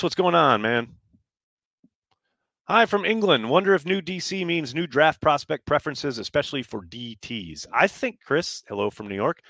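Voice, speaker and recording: A man's voice: sits low, a bit bright, no room sound, studio quality. A man hosting a casual live sports podcast, answering viewer chat in a blunt, loose way and swearing freely. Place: New York.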